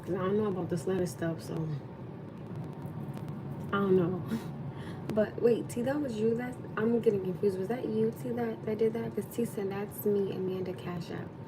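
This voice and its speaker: A woman's voice: medium pitch, steady tone, normal speed, noisy background. A woman in her thirties hosting a casual livestream, rambling and chatting with viewers, thanking them as she goes. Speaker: livestream host.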